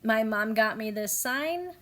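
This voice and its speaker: A woman's voice: a little high, lively intonation, a little slow, a bit bright. A woman in her thirties narrating a home garden video in a casual, amused, chatty way, often quoting her family. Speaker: family homestead vlogger.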